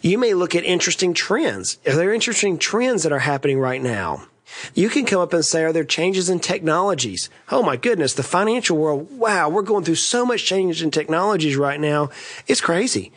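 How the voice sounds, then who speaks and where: A folksy middle-aged man with a drawl walks listeners through business planning in a relaxed podcast style. His voice sits a touch high for a man, and he drops in joking asides as he teaches. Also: normal speed. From East Tennessee. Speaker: podcast host and financial advisor. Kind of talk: conversational business lesson.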